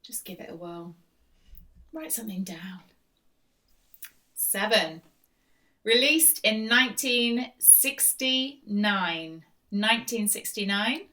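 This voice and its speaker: A woman's voice: medium pitch, lively intonation, takes it slowly, pauses often, pushed and bright. A woman hosting a live-stream quiz, reading out questions and repeating them in a chatty, teasing way. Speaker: quiz host. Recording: voice distant from the mic.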